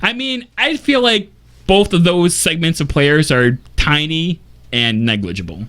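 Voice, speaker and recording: A man's voice: fairly high pitch, animated, measured pace, a bit bright. A man co-hosting a gaming talk show, laying out an argument step by step. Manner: argumentative, lays out a case step by step. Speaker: co-host. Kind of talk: casual podcast talk.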